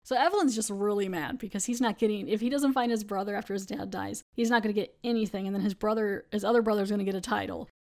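A woman's voice: mid-range voice, fast talker, few pauses, a little mellow. A woman hosting a podcast, recapping an episode in a chatty way, laughing often. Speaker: podcast host.

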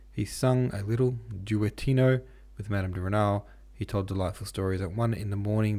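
A man's voice: lowish voice, vocal fry, warm tone. A man reading a novel aloud, voicing the characters, with frequent stumbles and self-corrections. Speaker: audiobook reader. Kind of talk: unpolished audiobook reading.

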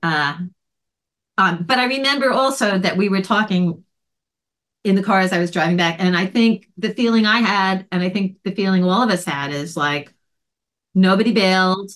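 A woman's voice: mid-range voice, normal speed. A woman podcast host in casual chat, telling a story with animation and acting out the voices of others. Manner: animated, acts out quoted voices.

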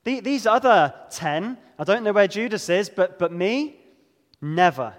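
A man preaching a sermon, earnest and emphatic, slowing down to stress key words. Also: high-pitched, animated, big-room sound.

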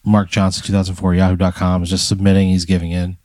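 Deep-voiced man spinning a dramatic tale. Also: completely flat delivery, fast, a little mellow, no room sound. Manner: spins a dramatic second-person hypothetical. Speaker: podcast co-host. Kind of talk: comic storytelling.

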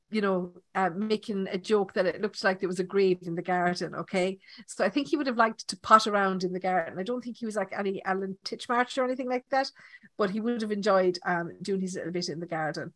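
A woman's voice: medium pitch, fairly bright tone, no echo. An Irish woman hosting a live psychic reading, talking at length and checking in often with her listener. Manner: chatty, checks in with "okay?". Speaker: medium, podcast host.

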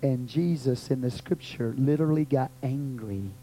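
Texan male pastor, mellow tone, fervent sermon delivery, faint background hum. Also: moderate pace, low-quality recording. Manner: fervent, swings from loud cries to low murmurs. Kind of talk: sermon with prayer.

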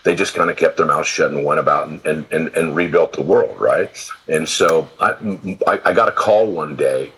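A man in his sixties from California, guesting on a podcast, speaks in an extremely low, gravel-edged, husky voice. He tells loose, salty stories, often restarting his sentences as he goes. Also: normal speed, fairly bright tone, poor audio. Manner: rambling, profane, with many restarts. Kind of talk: casual storytelling interview.

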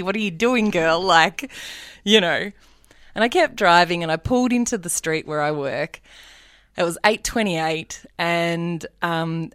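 An Australian woman in her forties with a lowish voice tells a personal story, lively and expressive, slipping into her past self's thoughts as she goes. The sound is close and dry, with no room around it. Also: smooth, no echo. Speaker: guest, radio announcer. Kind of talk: storytelling in a casual faith interview.

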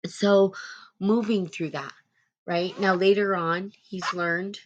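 A woman's voice: medium pitch, steady tone, slow pace, lo-fi sound, background noise. Emotional woman telling a personal story. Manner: rambling, with frequent restarts and loud bursts. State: on the verge of tears. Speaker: live-stream host reading viewer comments.

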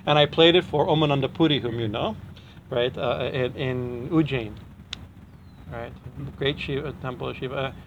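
A man's voice: mid-range voice, normal speed, muffled recording, noisy background. A man teaching in a chatty devotional talk, often restarting his sentences and chuckling as he explains. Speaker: spiritual teacher.

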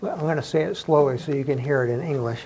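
A man preaching in a church room, his voice gravelly and a little husky. He speaks in a loose, conversational way, often restarting his sentences. His pitch sits somewhat high for a man. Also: fast talker, darkish tone, poor audio. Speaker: pastor. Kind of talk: sermon.

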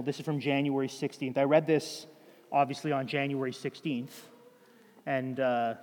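A man's voice: mid-range voice, darkish tone. A man preaching a sermon as pastor, earnest and direct, pressing his points in short repeated phrases. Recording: long reverb of a large hall.

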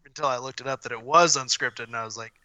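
A man's voice: mid-range voice, fairly even intonation, fast, sharp tone, dry recording, dull audio. A man co-hosting a casual podcast who talks thoughtfully and hedges with fillers. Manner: thoughtful, hedging, many fillers. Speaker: podcast co-host.

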